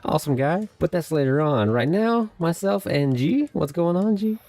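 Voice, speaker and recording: Gravelly American man hosting a podcast. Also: on the high side, lively intonation, moderate pace, a little mellow. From United States. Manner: jokey, rambling, laughs often. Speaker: podcast host. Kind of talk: casual podcast chat.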